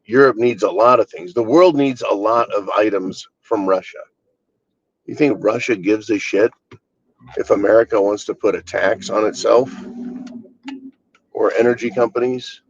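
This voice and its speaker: A man's voice: lowish voice, moderate pace, pauses often, breathy edge, no echo, lo-fi sound. Blunt, exasperated man ranting. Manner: blunt and exasperated, swears freely. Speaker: channel host. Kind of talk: casual political rant.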